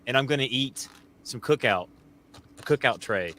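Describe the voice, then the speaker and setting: A man's voice: medium pitch, lively intonation, moderate pace, a bit bright. A man guesting on a casual podcast, full of crude jokes and playful riffs. He talks in loose, rambling banter. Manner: jokey, crude, playful riffing. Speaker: guest co-host.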